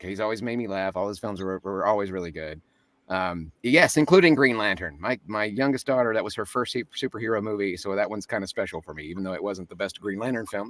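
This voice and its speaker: A man's voice: on the low side, a bit bright, no room sound, distant mic. A man, a voice actor, talking as a guest in a casual interview, chatty and joking, often laughing.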